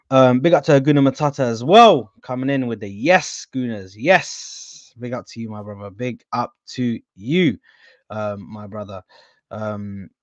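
A man's voice: mid-range voice, no room sound, dull audio. Slangy young man hosting a stream. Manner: slangy, shouting out viewers. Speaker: host. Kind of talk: casual live-stream chat.

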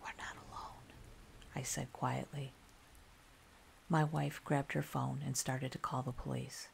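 A woman narrating a scary story in a calm, soft-spoken ASMR style. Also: rumbling low, measured pace, creaky, a little hiss or hum.

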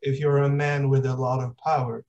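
A man hosting a podcast, speaking casually and haltingly, often restarting his sentences. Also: medium pitch, flat delivery, darkish tone. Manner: halting, restarts mid-thought. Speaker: podcast host. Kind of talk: casual interview conversation. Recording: slightly dull lo-fi sound.

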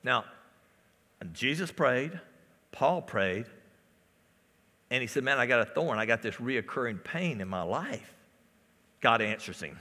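Unhurried and expressive, with long pauses, a man preaches in a mid-range, sharp-toned voice that fills the big room of a church sanctuary. As pastor, he repeats phrases and calls out to his congregation.

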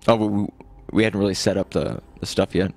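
A young man with a low, husky voice and a gravelly rasp, chatting through a couch co-op game. He talks in a laid-back, rambling way, trailing off and restarting as he thinks aloud. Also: steady tone, a little fast, a little mellow. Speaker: gaming channel co-host. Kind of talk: casual let's-play chat. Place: living room couch, gaming in person.

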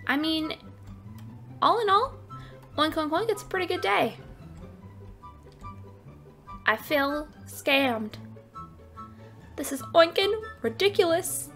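A young woman with a high, girlish voice narrates her Minecraft game at a relaxed, unhurried pace. She is playful and chatty, coos over cute animals and keeps slipping in a silly oink refrain. Light music plays faintly behind her. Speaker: gaming channel host. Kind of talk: casual Minecraft let's play commentary.

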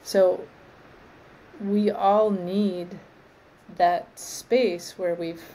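A woman arborist trainer as an interview guest, explaining in a thoughtful, measured way and often restarting her phrases. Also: on the low side, steady tone, warm tone, slight background noise, low-quality recording. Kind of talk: conversational interview.

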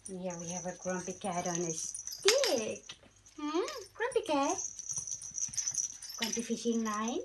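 A woman's voice: medium pitch, big pitch swings, a little slow. A young woman, unboxing new things at home and cooing to her pets in a sing-song way. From Norway. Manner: coos and sing-songs at her animals. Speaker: pet vlogger. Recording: noisy home recording.

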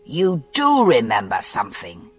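An audiobook narrator voicing Runcorn, an impatient Victorian police superior who speaks bluntly, read over soft music in a reverberant space. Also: medium pitch, wildly swooping pitch, a little slow, slightly rough, pitched below the performer's own voice, exaggerated voice. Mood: demanding. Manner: blunt, demanding questions.

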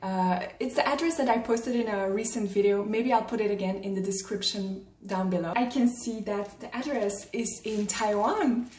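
A woman chatting excitedly through a casual unboxing vlog at home, often gasping and exclaiming. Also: medium pitch, normal speed, few pauses, distant mic. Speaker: vlogger. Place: room at home. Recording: roomy, from the mic, faint noise.

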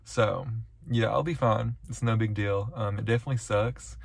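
A man's voice: fairly low pitch, fairly even intonation, normal speed, gravelly, slightly rough, no room sound. Rambling, swearing young guy. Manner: rambling, heavy swearing, lots of "like" and "y'all". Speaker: vlogger. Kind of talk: casual vlog to camera. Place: car and roadside in snow, then parked truck.

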